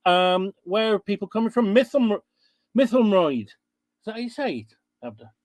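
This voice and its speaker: A man's voice: high-pitched, sing-song, brisk, dry recording. A man hosting an online webinar over a video call, chatty and informal as he greets attendees. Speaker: webinar host.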